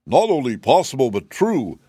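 A man's voice: medium pitch, animated, unhurried, a little mellow, no echo. A man voicing a proud, vain old male cab horse who talks down with lofty pity. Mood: boastful. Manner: boastful, pitying, lofty.

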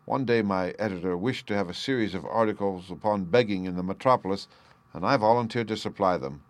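A man's voice: lowish voice, fairly quick, dry recording, natural voice. A man doing an earnest, confessing prisoner. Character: ashamed gentleman prisoner confessing, adult man.

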